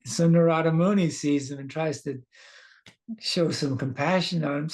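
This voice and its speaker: A man's voice: on the high side, slow pace, long pauses. A man teaching a scripture class, telling the story casually, laughing now and then and quizzing his listeners.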